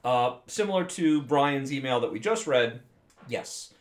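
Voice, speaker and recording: A man's voice: medium pitch, lively intonation, measured pace. Wry male podcast co-host. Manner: wry, joking. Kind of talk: casual chat.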